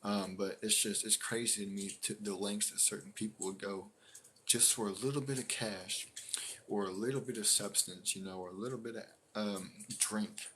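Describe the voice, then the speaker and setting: Rambling low-voiced man telling a story. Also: fairly even intonation, normal speed, bright, forceful tone, slight background noise. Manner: rambling, filler-heavy, acts out others' reactions. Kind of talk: casual storytelling to a live audience.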